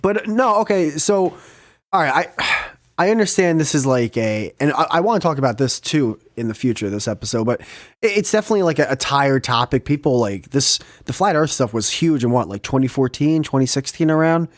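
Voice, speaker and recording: A man hosting a podcast, telling a story in an animated, profane way and laughing often. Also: mid-range voice, fairly quick, no echo, studio quality. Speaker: podcast host. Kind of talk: casual storytelling chat.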